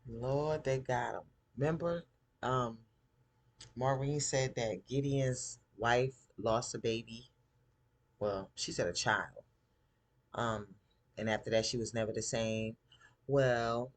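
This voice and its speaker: Chatty man recapping a TV episode. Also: mid-range voice. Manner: chatty, animated, acts out character quotes. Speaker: TV show recap host.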